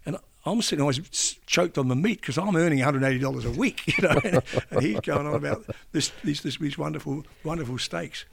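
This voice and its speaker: Gravelly older man telling stories. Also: a little high, animated, a little fast, few pauses. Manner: rambling, restarts sentences, mimics people in quotes. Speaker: veteran broadcaster and interview guest. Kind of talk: casual anecdotal storytelling.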